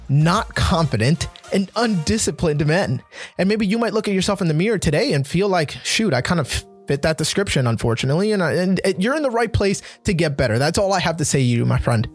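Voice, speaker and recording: A man hosting a motivational talk for men, speaking earnestly and emphatically, slowing down to repeat his key points. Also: high-pitched. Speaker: men's motivational podcast host.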